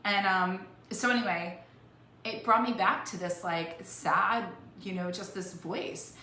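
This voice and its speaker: A woman's voice: mid-range voice, slow pace, bright, forceful tone. A woman life coach giving an earnest, emotional motivational talk, often restarting her phrases as she speaks. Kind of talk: heartfelt motivational talk to camera. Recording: echoey room with faint noise.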